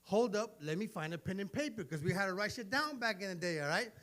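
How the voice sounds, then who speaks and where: Brash, fast-talking comedian in his forties. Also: high-pitched, expressive, a bit bright. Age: 40s. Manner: brash, profane storytelling with acted-out dialogue. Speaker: stand-up comedian. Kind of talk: stand-up comedy set.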